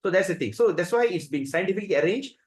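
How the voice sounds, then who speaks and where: Animated man telling scripture stories. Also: sits high, fast, poor audio. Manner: animated storyteller who acts out the voices, with frequent restarts. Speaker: spiritual teacher. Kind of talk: devotional scripture class storytelling.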